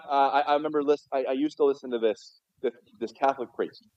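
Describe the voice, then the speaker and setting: A man's voice: mid-range voice, steady tone, quick pace, a little mellow. A man preaching a sermon as pastor in a church, talking conversationally and often stumbling and repeating his words. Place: church sanctuary. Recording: dull, muffled livestream audio.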